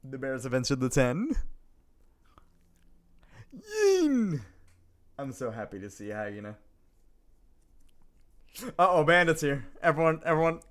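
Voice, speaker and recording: With a medium pitch, moderate pace, and frequent pauses, a man chats casually on a live stream. He reads his viewers' messages aloud and greets them playfully, giggling often and bursting into sudden excitement.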